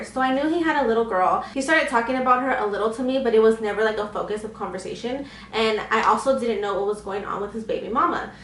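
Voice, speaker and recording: A woman's voice: on the high side, slight background noise. Chatty young woman, echoey room. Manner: candid, chatty, animated quoting of others. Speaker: vlogger. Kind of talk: casual storytime chat. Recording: echoey room, faint ambience.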